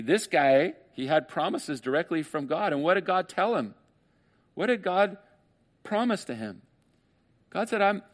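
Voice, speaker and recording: A middle-aged man preaching a sermon, animated, acting out quoted voices and laughing often. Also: medium pitch. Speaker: pastor.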